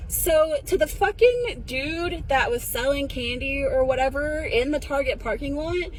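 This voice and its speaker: A woman's voice: high voice, animated, moderate pace, hardly any pauses, rough recording. A woman telling a story in a casual selfie-video rant, blunt, profane and defiant. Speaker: social media video poster.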